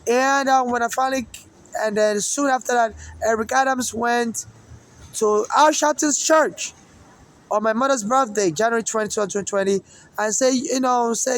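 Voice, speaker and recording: A Nigerian man with an accent mixing Nigerian and American English rambles through a personal monologue, circling back to the same points again and again. His voice is extremely high and fairly bright, steady at normal speed, in a low-quality recording.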